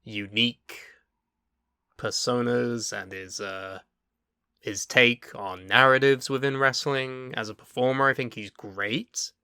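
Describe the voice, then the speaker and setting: A man's voice: mid-range voice, fairly even intonation, slow, pushed and bright, clear, resonant tone, dry recording, clean studio sound. A man co-hosting a wrestling podcast, talking in casual chat, thoughtful and a bit hesitant. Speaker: podcast co-host.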